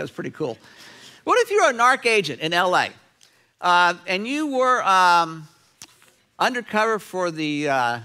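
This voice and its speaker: A middle-aged male pastor delivering a sermon, his high voice swinging up and down as he tells stories. His tone is bright and forceful. He slips into quick impressions of the people he quotes. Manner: animated preacher acting out quoted voices. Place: church sanctuary.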